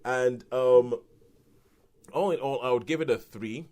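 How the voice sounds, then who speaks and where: A British man co-hosting a podcast, reviewing films in a rambling, animated way with restarts and laughs. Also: medium pitch, measured pace. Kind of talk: casual film review chat.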